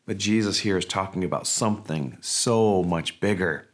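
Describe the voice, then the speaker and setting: A man's voice: sits low, moderate pace, few pauses. A man, a pastor, preaching a sermon in a conversational, emphatic way with rhetorical questions.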